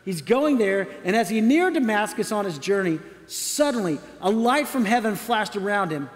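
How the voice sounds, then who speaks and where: A man's voice: high voice, expressive, normal speed, in a large hall. A man preaching a conversational sermon as pastor, often putting questions to his listeners.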